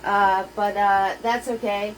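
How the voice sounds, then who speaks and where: A woman's voice: mid-range voice, flat delivery, slow, a little hiss or hum, low-quality recording. A woman hosting a live painting lesson. She chats cheerfully with viewers, greets each one by name with pet names, and laughs often between steps. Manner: playful made-up words.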